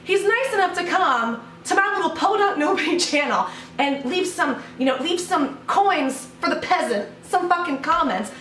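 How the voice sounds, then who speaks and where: A woman's voice: very high-pitched, lively intonation, moderate pace, hardly any pauses, fairly bright tone, echoey room, distant mic. A woman YouTuber doing a sarcastic, mock-outraged vlog rant, full of swearing, recorded at home. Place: home room.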